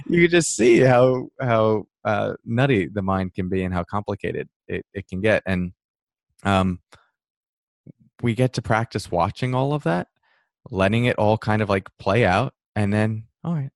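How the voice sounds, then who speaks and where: A low-pitched man talks casually and thoughtfully, slipping into quick mock voices for restless inner thoughts. The sound is close and dry, with no room around it. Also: no room sound. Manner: relaxed, reflective, acts out inner thoughts with laughs. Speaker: mindfulness teacher, guest. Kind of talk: conversational interview answer.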